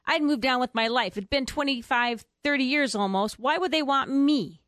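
A woman's voice: high voice, moderate pace, a bit bright, dry recording, clean studio sound. A middle-aged woman telling her personal story as an interview guest. She rambles with fillers and restarts, and acts out the voices of the people she quotes.

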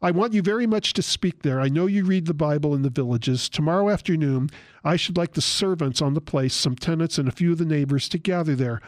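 A man's voice: on the high side, fairly quick, a little mellow, no room sound, natural voice. A man reading as a devout elderly man. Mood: earnest. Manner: earnest, read aloud from a written account. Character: frail devout elderly man in his sickbed.

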